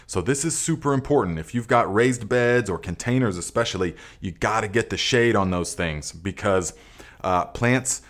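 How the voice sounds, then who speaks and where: A man with a notably low voice, from Northern California, hosts a live podcast Q&A. He talks in a loose, easygoing way, full of "uh"s, pausing to read viewer comments aloud before answering them. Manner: relaxed, reads viewer comments aloud with many fillers. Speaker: podcast host. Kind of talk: live Q&A chat.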